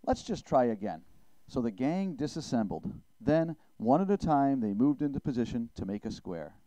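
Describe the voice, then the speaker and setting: A man narrating a children's story with a gentle storybook telling. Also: medium pitch, lively intonation, moderate pace, dry recording, low-quality recording. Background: music.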